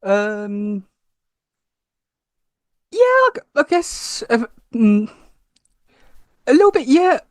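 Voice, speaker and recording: Hesitant British man, lively pitch. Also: dry recording, clean studio sound. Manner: hesitant, halting. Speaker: guest. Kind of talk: casual chat.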